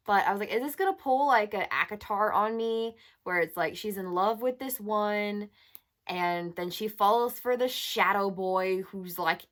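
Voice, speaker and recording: A woman's voice: mid-range voice, fairly bright tone. A young woman chatting casually as a book reviewer, exasperated and full of filler words. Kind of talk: casual chat.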